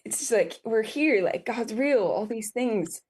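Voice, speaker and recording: A woman in her twenties, a podcast guest, telling a personal story in a halting, emotional way with many fillers and restarts, near tears. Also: on the high side, lively intonation, darkish tone, slightly rough. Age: 20s.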